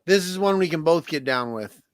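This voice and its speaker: A man co-hosting a podcast in casual chat, excitable, laughing often and swearing freely. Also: on the high side, a little fast, dry recording. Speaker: podcast co-host.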